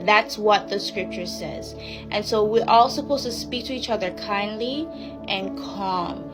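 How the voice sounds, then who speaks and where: A young woman speaks to camera with casual Christian advice for her viewers, earnest and a bit preachy, with loose fillers. Her voice is medium in pitch and a little slow, with music playing behind her.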